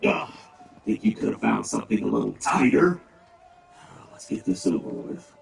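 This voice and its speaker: A man's voice: low voice, huge pitch swings, moderate pace, exaggerated voice. An actor playing a big, blunt male orc who grumbles and talks with dry sarcasm. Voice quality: gravelly. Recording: roomy, distant, game music behind.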